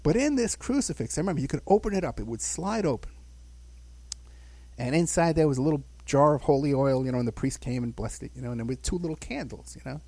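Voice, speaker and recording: A Bronx-born man in his sixties, a podcast guest, rambles through childhood stories in a casual chat, chuckling and saying "you know" often. His voice is on the high side, expressive, fast and darkish, with no room sound.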